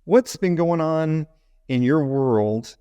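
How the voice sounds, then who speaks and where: A man's voice: on the high side, slow, warm tone, smooth, no room sound. A man hosting a podcast interview, chatting in an easygoing, casual way. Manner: easygoing, casual, uses "man" and "you know". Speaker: podcast host.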